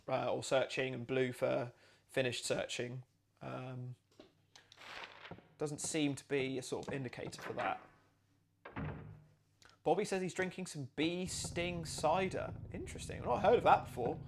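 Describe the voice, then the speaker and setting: A man streaming a game live, chatting as he plays, thinking aloud and reading out chat messages and donations. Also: medium pitch. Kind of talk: live game playthrough commentary.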